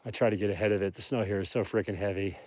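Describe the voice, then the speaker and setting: A man narrating a live stream outdoors in the snow on his way to a wolf habitat, talking quietly to viewers and calling to his dog and the wolves. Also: fairly low pitch, fairly even intonation, very fast. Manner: talks softly to his dog and wolves, rises when calling them. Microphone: phone, later a chest rig.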